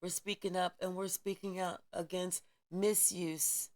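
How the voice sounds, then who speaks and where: A woman's voice: lowish voice, level tone, a little slow. A woman giving a spiritual tarot reading in an emphatic, preachy way, with a lot of repetition and profanity. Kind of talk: tarot reading vlog, spiritual pep talk.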